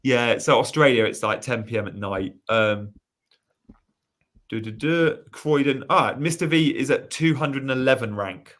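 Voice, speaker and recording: A chatty man from England hosts a live stream, reading viewer comments aloud and chatting with a co-host. His voice sits at a middle pitch, neither deep nor high. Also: normal speed, fairly bright tone. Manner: chatty, reads out viewer messages. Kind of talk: casual live stream chat.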